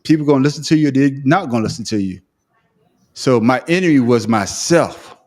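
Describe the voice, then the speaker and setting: A man with a country Southern accent, co-hosting a casual podcast chat, talking in a profane, animated, self-mocking way with frequent laughter. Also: medium pitch, fairly quick. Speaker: podcast co-host. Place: remote call.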